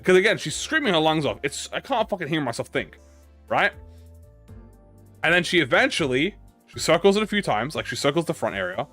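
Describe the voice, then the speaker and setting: A man's voice: a little high, very animated, fairly quick, bright, forceful tone, soft background music. A young man, a gaming YouTuber, telling a rambling, profane anecdote in casual chat, with lots of restarts.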